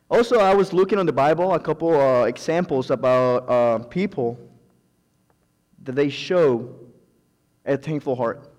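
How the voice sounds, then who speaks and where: A man's voice: mid-range voice, measured pace, pauses often, darkish tone. Fervent preacher man in a reverberant hall. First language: not English. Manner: fervent, repetitive thanks, calls of amen. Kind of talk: sermon.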